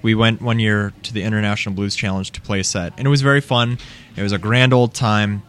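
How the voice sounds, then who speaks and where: A man's voice: fairly low pitch, steady tone, quick pace, a bit bright. A young adult man, a musician guest, telling rambling band stories with chuckles in a casual interview at a coffee shop.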